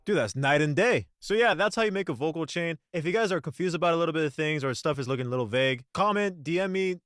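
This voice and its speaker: Slangy young man, fairly high voice. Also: fast talker, few pauses, dry recording, clean studio sound. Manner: slangy and excitable. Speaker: music producer. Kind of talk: casual tutorial. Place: home studio.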